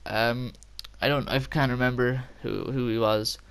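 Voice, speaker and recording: Young man, casual storytime, rambling, laughs a lot, swears, mid-pitched voice. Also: fairly even intonation, measured pace, gravelly, fairly bright tone, clear, resonant tone. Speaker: vlogger.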